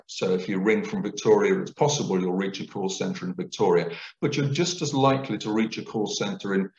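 A man giving a public lecture, explaining things clearly in a lecturing manner. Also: fairly low pitch, darkish tone. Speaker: guest lecturer. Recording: roomy, dull lecture recording.

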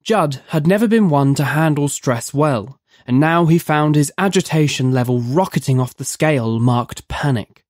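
Measured horror story narrator. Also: medium pitch, animated, a little mellow, dry recording, clean studio sound. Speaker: narrator of a horror audio drama.

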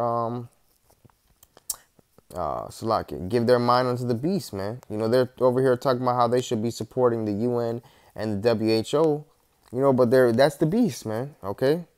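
Male preacher, low-pitched, casual street-sermon delivery, keeps saying "man" and "okay". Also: darkish tone. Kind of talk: scripture teaching.

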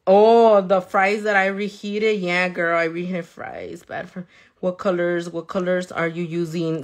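A woman's voice: medium pitch, fairly bright tone. A woman nail artist talking casually while she works, telling stories lots of swearing and slipping into now and then. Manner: loose and profane, chatty, reads viewer comments. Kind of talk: casual storytelling while working.

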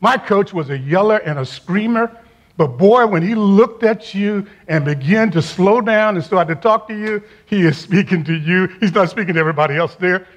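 Older male preacher, high voice, emphatic repetition, swings between urgent and hushed. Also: normal speed, lo-fi sound. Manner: emphatic preacher who repeats key phrases and drops to a quiet, intimate tone. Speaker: retired campus minister preaching at a university chapel. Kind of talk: sermon.

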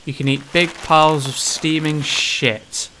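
Brief: gaming host, fairly high voice, foul-mouthed ranting, game sounds underneath. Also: male voice, fairly even intonation, a little slow, noisy background. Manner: sweary, ranting, sudden shouted outbursts. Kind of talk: let's play commentary.

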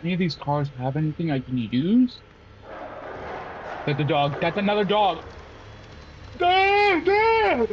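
A slightly high-voiced man talks through a horror game as he plays it, mutters to himself, and yelps in panic when something jumps out. His dull lo-fi mic carries a faint hiss. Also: expressive, normal speed, pauses often. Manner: jumpy, panicky yelps, self-talking, taunting. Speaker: gameplay commentator. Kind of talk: horror game let's play commentary.

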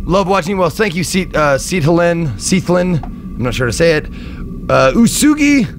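A man's voice: sits high, animated, a little slow, background noise. A man streaming a game live, rambling and chatty, thanking viewers and swearing freely. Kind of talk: casual live-stream chat.

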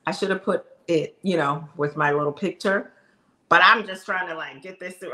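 A woman's voice: mid-range voice, expressive, fairly quick, pushed and bright, a little hiss or hum. A middle-aged woman coach giving an emphatic, conversational motivational talk straight to her viewers.

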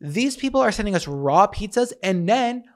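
A man's voice: high voice, sing-song, moderate pace. A man co-hosting a podcast in casual chat, ranting and complaining in a dramatic, exasperated way, with swearing. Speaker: podcast co-host.

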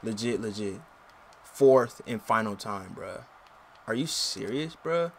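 A man's voice: fairly low pitch, animated, takes it slowly, vocal fry, slight background noise. Slangy young man ranting over gameplay. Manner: slangy, frustrated, yells and curses at the game. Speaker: gaming channel host. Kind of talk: casual gameplay commentary.

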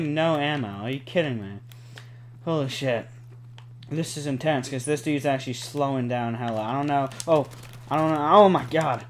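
A young man giving live gameplay commentary, excitable, cursing often and pleading with the game. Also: mid-range voice, normal speed, a little hiss or hum. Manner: excitable, swears a lot, pleads and groans at the game. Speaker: gaming channel host.

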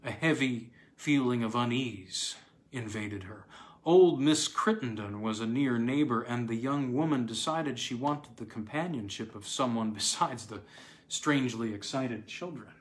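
A man reading a weird tale aloud in a measured, dramatic way. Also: medium pitch. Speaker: reader. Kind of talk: scripted narration.

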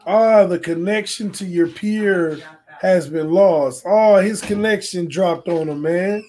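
A man with a hoarse, fading voice hosting a casual gaming livestream, excitable and trash-talking as he reads viewer comments aloud. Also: sits high, takes it slowly. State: hoarse, losing his voice. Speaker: sports channel host.

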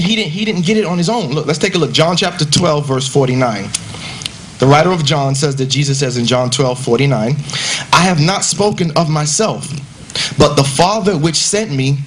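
High-voiced man making a debate rebuttal. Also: fairly bright tone, slight background noise. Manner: emphatic, conversational, asks rhetorical questions.

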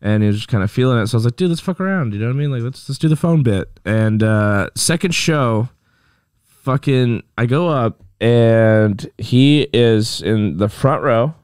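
A man's voice: mid-range voice, moderate pace, a little mellow, clear, resonant tone, no room sound. Rambling man, dry studio sound. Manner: rambling, swearing, filler-heavy. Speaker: podcast co-host, comedy club door guy. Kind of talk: casual storytelling. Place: podcast studio.

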